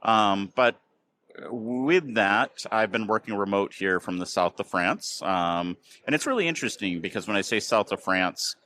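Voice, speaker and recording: A man's voice: lowish voice, animated, normal speed, sharp tone. An American man hosting a casual podcast chat, telling rambling stories full of ums and uhs. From United States. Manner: rambling, filler-heavy storytelling. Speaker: podcast host. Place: outdoors near a train station.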